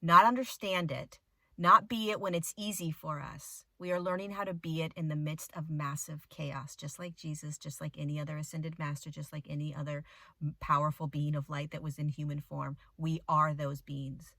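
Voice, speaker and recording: A woman spiritual teacher telling a story in a casual talk to followers, animated and dramatic, with the odd swear word. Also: low voice, moderate pace, no echo. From United States.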